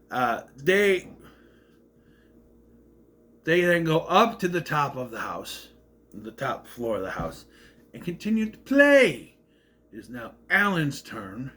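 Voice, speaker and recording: A man's voice: on the high side, sharp tone. A man casually recapping a movie plot, rambling and correcting himself as he goes. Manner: rambling, self-correcting retelling.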